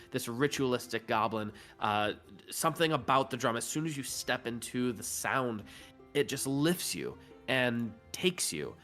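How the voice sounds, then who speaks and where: A man running a tabletop role-playing game as dungeon master, narrating loosely with many fillers. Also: mid-range voice. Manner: relaxed, filler-heavy improvising.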